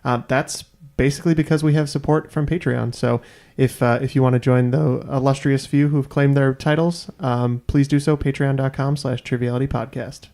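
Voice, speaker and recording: A man's voice: medium pitch, fairly even intonation, normal speed, hardly any pauses, warm tone. A man hosting a trivia podcast, chatting casually and giving an upbeat plug for supporters. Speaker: podcast host. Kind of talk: casual chat and sponsor plug.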